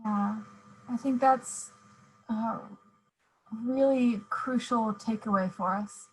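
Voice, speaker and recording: A woman hosting a virtual book event over a video call, speaking softly with many fillers. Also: fairly high pitch, a little hiss or hum, low-quality recording. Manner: slow, soft, many fillers. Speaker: host.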